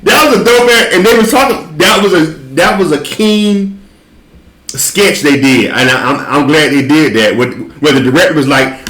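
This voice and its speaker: A man in casual chat, telling a story in a relaxed, profane way with frequent laughs. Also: high voice, normal speed, reverberant, poor audio. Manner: laid-back, profane, laughs while telling stories.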